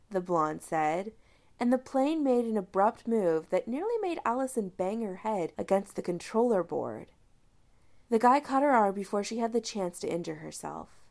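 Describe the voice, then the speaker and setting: A woman narrating a fanfiction story aloud, with lively storytelling and character voices. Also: mid-range voice, normal speed, creaky. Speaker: fanfiction reader. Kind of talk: audiobook narration.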